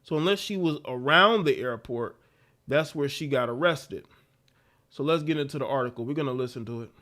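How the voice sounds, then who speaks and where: A man's voice: mid-range voice, fairly quick. A man hosting a livestream, ranting in casual commentary with repeated phrases and laughs. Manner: animated, repetitive ranting with laughs. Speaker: livestream host.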